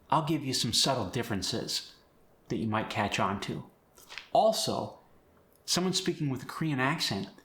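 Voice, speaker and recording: A man's voice: mid-range voice, a bit bright, reverberant. A man coaching accents, explaining and demonstrating sounds by contrasting word pairs. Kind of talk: accent tutorial.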